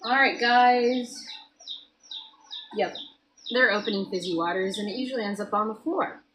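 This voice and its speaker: A woman hosting a casual morning live stream from her home kitchen, chatting loosely with viewers and greeting them by name, her voice a little hoarse. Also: medium pitch, normal speed, a bit bright, slight background noise, rough recording.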